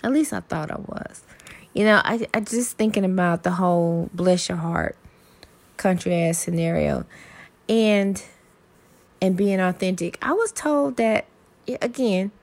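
A woman's voice: mid-range voice, measured pace, a little mellow. A woman hosting her own podcast, talking candidly in a rambling, salty, self-deprecating way. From American South. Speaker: podcast host. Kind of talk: casual solo podcast monologue.

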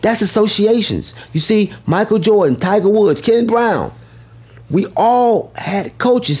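A man delivering a motivational speech with a husky, slightly rough voice. He preaches emphatically, repeats his key lines for effect, and swings sharply between high and low notes. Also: animated, a little slow, a little mellow. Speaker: motivational speaker.

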